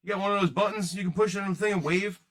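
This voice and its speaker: A man's voice: sits high, rapid-fire, a bit bright. A man hosting a card-breaking livestream, rambling and joking casually with his viewers in chat.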